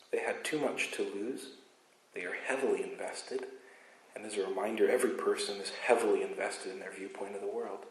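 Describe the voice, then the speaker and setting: A man's voice: lowish voice, a little hiss or hum. Emphatic male pastor in an echoey church. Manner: emphatic, swings between loud insistence and quiet asides. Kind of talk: sermon. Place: church sanctuary.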